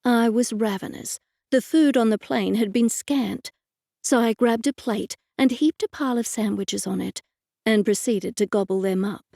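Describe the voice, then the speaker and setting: A woman's voice: a little high, vocal fry, dark tone, no room sound. A woman narrating a first-person mystery audiobook with a wry, dry storytelling manner.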